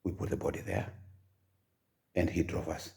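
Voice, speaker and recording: An older man with a Kenyan accent telling his own life story in a halting, soft-spoken way, with many pauses and fillers. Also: extremely low pitch, steady tone.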